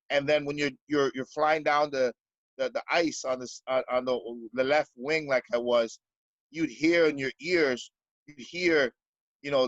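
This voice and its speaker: A man's voice: a little high, fairly bright tone, no echo, highs cut off. A Canadian basketball coach in a podcast interview, speaking earnestly and stumbling over repeated words as he searches for them.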